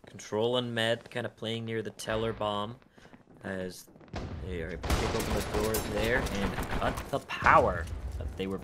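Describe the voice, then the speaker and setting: Low-voiced man calling esports play-by-play. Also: normal speed, very noisy. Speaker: esports caster.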